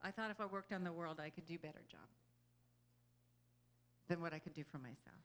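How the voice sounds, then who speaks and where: This spiritual speaker, a woman with a fairly low pitch and a fairly quick delivery, gives a group an inspirational talk. She sounds earnest and conversational, often asking her listeners "you know?" and laughing easily between ideas.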